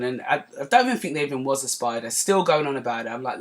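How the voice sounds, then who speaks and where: A woman hosting a podcast, telling a personal story in a chatty, digressive way that turns animated as she relives it. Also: rumbling low, racing, few pauses. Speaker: podcast host. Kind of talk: casual storytelling monologue.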